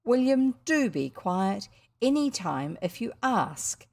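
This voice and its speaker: A woman with a New Zealand accent reading the part of a harassed mother who answers briskly and firmly while busy with her accounts. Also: medium pitch, very animated, gravelly, darkish tone, full character voice. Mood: impatient. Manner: brisk, firm, distracted. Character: harassed middle-aged mother doing accounts.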